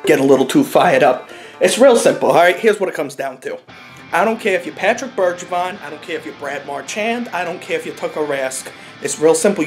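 A man's voice: a little high, close to an everyday voice. A man doing a ranting bandwagon Boston fan. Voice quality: ranting, profane, repetitive. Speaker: comedic character. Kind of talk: comedy rant monologue.

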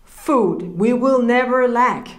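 A woman gives an informal sermon in a chatty, earnest way, often breaking into a laugh. Her voice sits a little high. The room around her adds a noticeable echo. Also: slow pace. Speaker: preacher. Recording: roomy echo.

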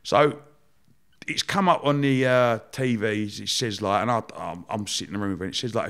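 A man, a podcast guest telling his story in a lively, slangy, chatty way. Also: on the low side, normal speed. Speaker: guest, entrepreneur. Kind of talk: casual storytelling.

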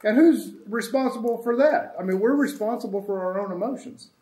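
A man hosts a casual spiritual talk in a sanctuary room with friends, rambling and reflecting in an easygoing way. His voice sits high, with a darkish tone and a fairly quick pace. The room is echoey and there's slight background noise.

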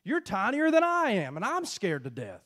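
A preacher voicing a scared, mocking older brother who belittles his young sibling with rapid incredulous questions. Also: high-pitched, wildly swooping pitch, fairly bright tone, heavily acted. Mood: scornful.

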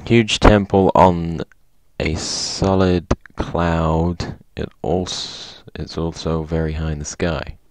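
Brief: male game commentator with a very low voice, upbeat, reads signs aloud, dry close sound. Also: steady tone, slow pace, no room sound. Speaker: gaming video host. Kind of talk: casual gameplay commentary.

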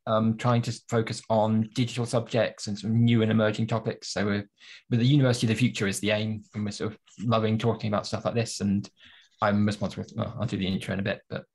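A man who works at a university, talking loosely and quickly on a video call. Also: lowish voice, flat delivery, a little mellow, breathy edge. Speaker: university staff member. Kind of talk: casual video call chat.

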